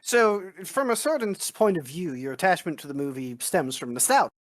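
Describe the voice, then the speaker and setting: A man's voice: sits high, very animated, brisk. A man voicing a stern political officer who lectures in a formal, pedantic way, his voice rising and falling widely as he argues. He treats every exchange in the tabletop role-play as a debate about consensus and doctrine. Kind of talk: in-character role-play chat.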